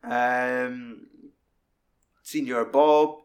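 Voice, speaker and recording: Profane, animated man. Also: very slow. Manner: profane, animated, acts out quotes in loud high voices. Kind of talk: casual film discussion.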